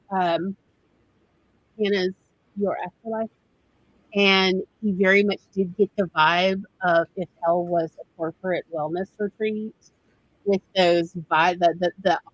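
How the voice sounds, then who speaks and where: A woman host in casual chat, talking eagerly and rambling with plenty of fillers. Her voice sits at a middle pitch. The recording is close and dry. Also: no room sound, highs cut off. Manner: chatty, enthusiastic, many fillers. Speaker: host, writer.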